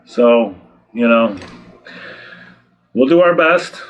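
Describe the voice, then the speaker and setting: With a mid-range voice, lively intonation and drawn-out words, a photographer talks directly to camera, on audio with the highs cut off. He delivers blunt, exasperated guidance full of rhetorical questions and frequent "okay?".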